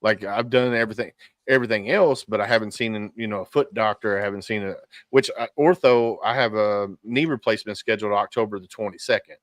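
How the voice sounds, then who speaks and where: A man in his forties, a veteran guest talking casually in an interview, halting and repeating words with many fillers. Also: fairly low pitch, no room sound. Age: 40s.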